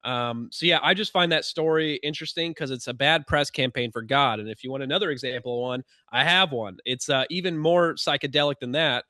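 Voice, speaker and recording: A man hosting a podcast who talks quickly in a casual, wry, animated way. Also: mid-range voice, dry recording, clean studio sound. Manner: fast-talking, animated, wry. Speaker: podcast host. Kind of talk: casual conversational commentary.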